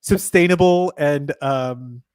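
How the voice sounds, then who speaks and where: A man's voice: on the high side, slow, darkish tone, smooth, no room sound. Playful man co-hosting, dry-sounding. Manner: playful, joking, laughs often, does voices. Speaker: co-host. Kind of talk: casual banter on a live show.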